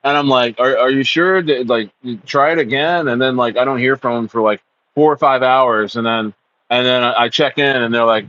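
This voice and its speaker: A man's voice: medium pitch, normal speed, fairly bright tone, no room sound, dull audio. A man hosting a casual crypto livestream, reading chat comments aloud in a rambling way with many stammered restarts. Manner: rambling, stammering restarts, acts out voices in quotes.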